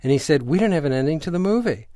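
A man's voice: a little high, very fast, no echo. An older man shares a story from his career in a radio interview. He brings the quoted people to life as he talks. His voice is recorded close and dry. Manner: animated anecdote teller, acts out quoted voices. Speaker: screenwriter guest.

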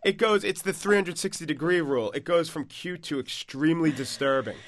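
A man's voice: fairly high pitch, a little fast. A man co-hosting a radio show, joking playfully in casual banter. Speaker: show co-host.

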